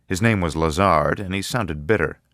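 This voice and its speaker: A man narrating a first-person audiobook in a measured, low-key, matter-of-fact way. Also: a bit bright, no echo, studio quality.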